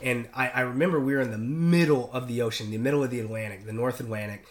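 A man's voice: mid-range voice, steady tone, fast talker. A man, a merchant sailor, telling stories in casual chat, rambling with many fillers and restarts. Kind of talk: casual storytelling.

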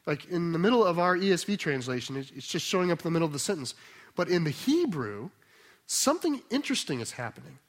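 A man with a somewhat high voice delivers a teaching sermon. He talks in a conversational, emphatic way and keeps checking that his listeners are following. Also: big pitch swings, quick pace. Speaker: pastor.

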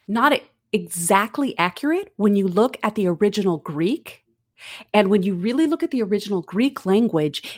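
A woman's voice: medium pitch, darkish tone, dry recording, studio quality. A middle-aged woman giving a conversational, earnest Bible teaching with casual asides.

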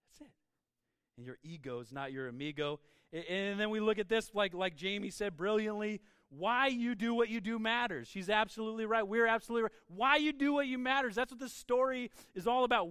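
A man pastor giving a conversational sermon, energetic and informal, often repeating words and asking "right?". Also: high voice, a little fast, clear, resonant tone, no room sound, studio quality. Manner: swings into quiet acted voices for quotes.

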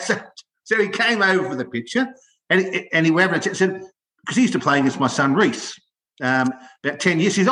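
Animated older Australian man, high voice. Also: fast, echoey room. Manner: animated storytelling, repeats words when excited. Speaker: podcast co-host, former rugby league player. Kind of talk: casual sports chat.

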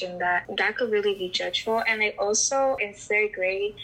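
A woman's voice: medium pitch, steady tone, moderate pace, few pauses, bright, forceful tone, breathy edge, rough recording. A teenage girl from the Dominican Republic, telling personal stories on a student podcast and filling her talk with "like". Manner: frequent "like" fillers, earnest. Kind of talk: casual personal storytelling.

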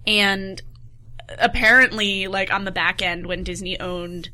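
A woman in casual podcast chat, wry and sarcastic with quick jokes. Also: medium pitch, fairly even intonation, bright, forceful tone.

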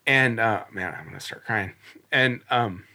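A man in his forties talks as a podcast guest, with a bright, clear-edged tone. He tells his story earnestly and loosely. He keeps restarting sentences and leans on little fillers. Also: fairly low pitch, measured pace. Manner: earnest, rambling, many restarts and "like"s. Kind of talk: casual storytelling interview.

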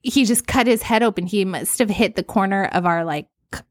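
Animated woman telling stories, dry mic. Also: mid-range voice, brisk, no room sound. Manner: animated storytelling, laughs often, acts out panicked quotes. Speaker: podcast co-host. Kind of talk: casual chat.

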